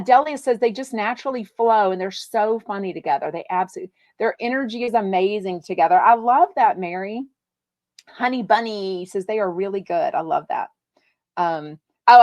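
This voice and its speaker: A woman hosting a live podcast, chatting in a bubbly, gushing way as she reads viewer comments. Her voice sits at an ordinary middle pitch. The sound is close and dry. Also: a little fast, no echo. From Texas. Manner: bubbly and gushing, many fillers. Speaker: podcast host. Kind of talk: live-stream chat reading viewer comments.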